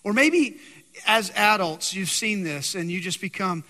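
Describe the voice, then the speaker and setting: A man preaching a sermon who keeps putting questions to his congregation in an animated way. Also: high voice, unhurried. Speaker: pastor. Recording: long hall reverb.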